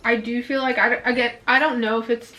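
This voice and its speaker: A woman's voice: a little high, little pitch movement, fast, pushed and bright, highs cut off. A young woman filming a casual makeup review at home, chatting and venting her frustration, a bit out of breath. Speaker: beauty vlogger. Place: indoors at home, filming herself.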